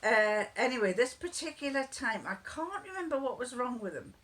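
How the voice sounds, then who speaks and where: Speaking at an ordinary pace, this female vlogger has a fairly high, sing-song voice with a fairly bright tone. She chats to camera in a rambling, digressive way, telling homely stories and laughing a lot.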